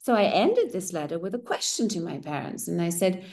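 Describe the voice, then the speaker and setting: Hosting a women's circle, a middle-aged native German speaker tells a personal story candidly and expressively, often checking in with "right?" Her voice is lowish and gravelly, fairly quick, with hardly any pauses.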